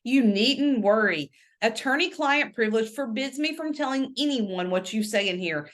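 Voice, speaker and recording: Woman doing a polished British male attorney, polite and bright, very lively pitch. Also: normal speed, natural voice. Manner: polite, cheerful.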